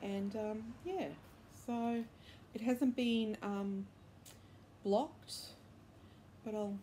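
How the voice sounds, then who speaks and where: A woman hosts a crochet and knitting podcast from her bedroom, chatting casually and enthusiastically in an upbeat show-and-tell, rambling with fillers and self-corrections. Her voice is a little high with fairly even intonation. She speaks extremely slowly with long pauses, over a noisy background.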